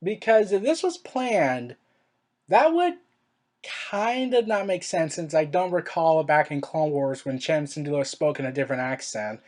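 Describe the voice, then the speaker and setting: A reviewer in a casual monologue, rambling with fillers and restarts and firing off exasperated rhetorical questions, their pitch jumping up on emphasis. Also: lively intonation, measured pace, darkish tone. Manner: pitch swings up sharply on emphasis. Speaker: show reviewer.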